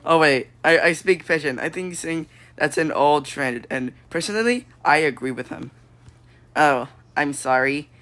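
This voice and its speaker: A man improvising a goofy VR puppet comedy, excitable and silly, breaking into sudden squeals. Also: on the high side, moderate pace. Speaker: puppet show creator.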